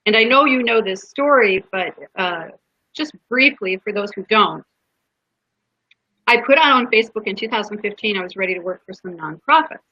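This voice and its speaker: A woman speaks earnestly about a moment that mattered to her, her voice bright with a husky grain. She is a podcast guest who tells it heartfelt and in her own words. The sound is close and dry, with a dull lo-fi tone. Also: mid-range voice, lively intonation, normal speed, no room sound. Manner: earnest, heartfelt, with restarts and quoted dialogue. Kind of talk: personal storytelling in a podcast interview.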